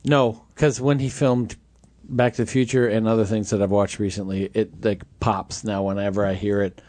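A man's voice: fairly low pitch, level tone, moderate pace, a little mellow, no room sound. A man co-hosting a casual movie-review podcast, with dry, teasing asides. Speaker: podcast co-host.

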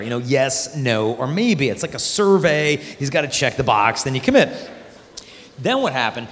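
Animated man speaking in a reverberant hall. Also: a little high, fairly quick, slight background noise. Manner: animated, acts out quoted voices. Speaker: Catholic speaker. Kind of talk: youth conference talk. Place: large conference hall. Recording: hall reverb from a large venue.

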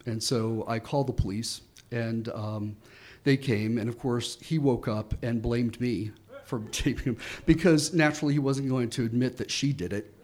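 A man telling a first-person story in an animated way, with laughing asides and acted-out moments of panic. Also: mid-range voice, normal speed.

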